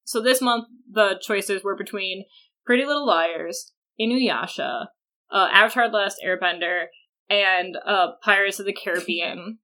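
Animated, swearing young woman podcaster. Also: mid-range voice, measured pace. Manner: animated, profane, jokey. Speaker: podcast co-host. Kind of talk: casual podcast chat.

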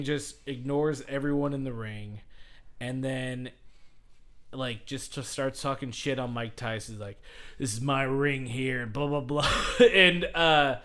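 A man's voice: medium pitch, a bit bright. A man casually retelling a story on a podcast, rambling with fillers and acting out quotes. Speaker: podcast host recapping wrestling history. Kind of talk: casual chat.

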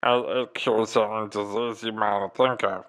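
A bumbling alien woman envoy, as a man puts her on, rambling in loose, folksy country grammar. She swings her voice up high when she gets worked up, at an everyday middle pitch otherwise. It's improvised comedy, loose and unscripted. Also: big pitch swings, measured pace, a bit bright, poor audio.

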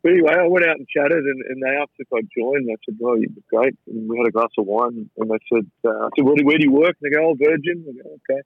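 A middle-aged Australian man, a chef and businessman, telling an animated, rambling story with many restarts in a casual interview. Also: mid-range voice, quick pace, gravelly, hardly any pauses, slightly rough, no room sound. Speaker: chef and entrepreneur guest. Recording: dry, phone-like radio sound.

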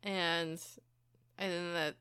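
A woman playing a tabletop role-playing game, talking slowly and hesitantly with many fillers. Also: lowish voice, little pitch movement, sharp tone, clear, resonant tone, dry recording, studio quality. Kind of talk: casual tabletop role-play.

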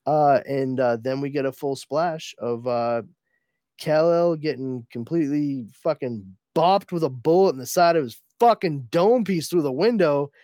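A man's voice: a little high, unhurried, warm tone, no room sound. A man hosting a casual comics podcast, rambling through a story recap with plenty of fillers and swearing. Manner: rambling, profane, many fillers. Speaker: podcast host reviewing comics.

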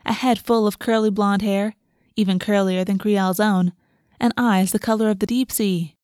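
Woman reading a dark fantasy story. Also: mid-range voice, fairly even intonation, normal speed, dry recording, clean studio sound. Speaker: narrator. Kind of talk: storybook narration.

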